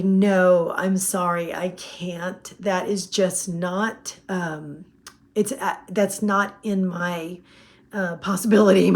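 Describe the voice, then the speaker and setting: Chatty woman in her fifties. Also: medium pitch. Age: 50s. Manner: chatty, rambling, laughs often. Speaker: weight-loss vlogger. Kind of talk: casual chat to camera.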